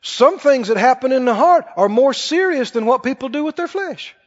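A man preaching a sermon in an animated, conversational way to a church congregation. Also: very high voice, normal speed. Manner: animated, conversational, acts out quoted voices. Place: church hall. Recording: dull recording with long hall reverb.

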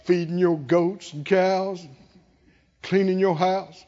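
A preacher acting out a whiny, resentful older brother. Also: male voice, sits high, fairly even intonation, takes it slowly, dark tone, dull audio. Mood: whining. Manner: whiny, complaining. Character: resentful, self-pitying older brother, young man.

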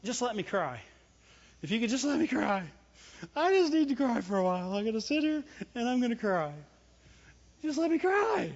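A man's voice: extremely high pitch, big pitch swings, normal speed, pauses often, voice pushed up, heavily acted. A man voicing a whiny, self-pitying grown man who refuses any help and begs to be left alone. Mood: whining. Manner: whining, pleading. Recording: dull lo-fi recording.

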